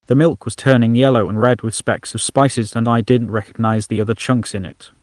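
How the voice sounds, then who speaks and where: A male storyteller with a mid-range voice and steady, measured delivery. The read is dry and close, with no room around it. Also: mid-range voice, dry recording. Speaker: narrator. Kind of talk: storybook narration.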